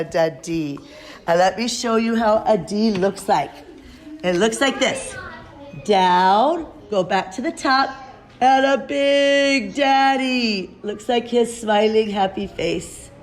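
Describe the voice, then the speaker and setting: A woman teacher leading a phonics lesson for young children in a cheerful, sing-song manner. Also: medium pitch.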